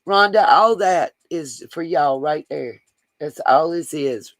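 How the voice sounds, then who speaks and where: The recording is dry and poor, carrying a man's animated mid-range voice at a slow pace. He hosts a livestream, reading comments aloud and talking directly to viewers in a casual, affectionate, rambling way.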